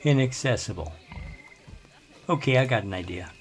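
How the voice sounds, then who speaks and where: A man's voice: fairly low pitch, expressive, normal speed, soft background music. An older man, rambling through casual gameplay commentary with grumbling asides. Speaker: let's play host.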